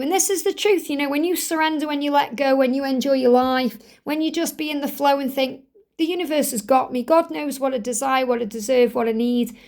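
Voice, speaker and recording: High-voiced woman giving a tarot reading. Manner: earnest, reassuring, speaks straight to the viewer; repeats key phrases for emphasis. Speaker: tarot reader.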